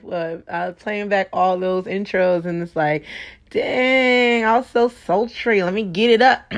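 Excitable lady podcast host, bit of fry in her voice, chatty. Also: medium pitch, unhurried. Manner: bubbly, excitable, fillers. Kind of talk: casual podcast chat.

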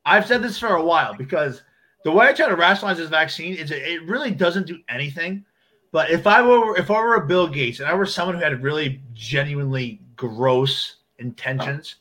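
A man in casual chat who argues animatedly, slipping into imagined voices. His pitch is high and swings widely. His tone is bright. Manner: animated, acts out voices in quotes.

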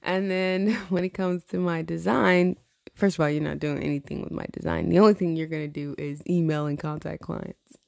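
A woman's voice: low voice, steady tone, normal speed, vocal fry, darkish tone, no echo, clean studio sound. A tired woman venting in a casual chat, blunt and profane, rambling with frequent laughs. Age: adult with a teenage niece. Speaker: vlogger.

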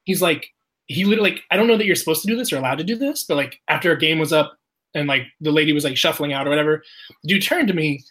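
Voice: medium pitch, racing, fairly bright tone. A person telling a casual story, swearing often, laughing and acting out the quotes of others.

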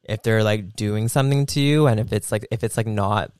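A man's voice: on the low side, a little fast, darkish tone, smooth, no echo. A man co-hosting a podcast, chiming in agreeably and giving casual advice. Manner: agreeable, chiming in with short affirmations. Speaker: podcast co-host. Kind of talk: casual chat.

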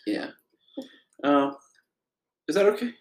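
A man talks casually as a podcast co-host, rambling along with plenty of ums. His voice has a gravelly edge. The room around him is echoey. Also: fairly high pitch, slow. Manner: relaxed, rambling, with frequent ums. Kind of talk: casual chat reviewing a TV episode.

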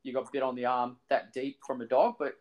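A man's voice: mid-range voice, little pitch movement, fairly quick, darkish tone, low-quality recording. A man co-hosting a casual podcast, recounting movie scenes with enthusiasm and plenty of swearing. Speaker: podcast co-host. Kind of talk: casual chat.

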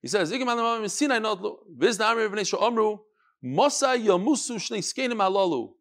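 Animated man teaching a Talmud class. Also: high-pitched, normal speed. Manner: animated, sing-song study cadence mixing Hebrew and Yiddish terms.

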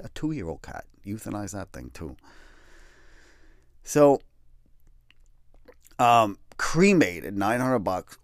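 A middle-aged man telling a personal story in a candid, wry and self-deprecating way, swearing casually and finding dark humor in grief. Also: fairly low pitch, dry recording, studio quality. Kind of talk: personal storytelling, darkly comic.

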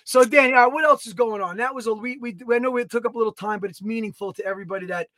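A man co-hosting a podcast, telling a story in a casual, animated way, swearing and acting out his own quotes. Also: very high voice, racing, dry recording. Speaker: podcast co-host. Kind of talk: casual chat.

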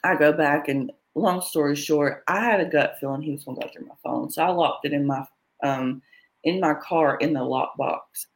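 A young woman, a guest in an interview, candidly recounting a personal story with quick asides and fillers. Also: low voice, poor audio.

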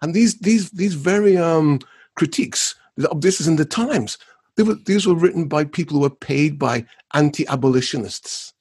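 A man's voice: a little high, expressive, moderate pace, darkish tone, slightly rough. A man, an artist co-hosting a podcast, talking earnestly and emphatically. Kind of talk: podcast discussion.

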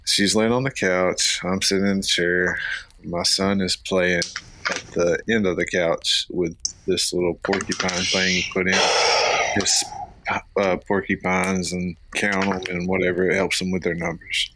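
A Florida man in his thirties co-hosts a podcast, telling rambling family anecdotes in a casual, story-driven chat full of fillers and restarts. His voice is low, level, and unhurried, with a pushed, bright quality. There's slight background noise.

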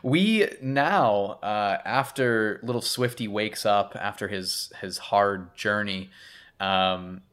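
A man's voice: fairly low pitch, slow pace, a bit bright, clean tone. A man casually recapping a film on a podcast, rambling and laughing often. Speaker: podcast co-host. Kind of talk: casual movie recap chat.

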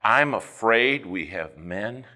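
A man preaching a fervent sermon, swinging between loud emphasis and hushed asides as he tells a story. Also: lowish voice, expressive, slow pace. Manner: storytelling with quoted dialogue.

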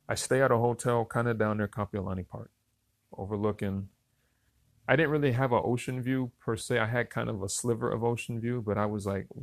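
A middle-aged man casually telling a personal story in a relaxed, conversational way, talking straight to his listeners. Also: on the low side, creaky, no echo. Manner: relaxed, conversational, addresses listeners as y'all and fellas.

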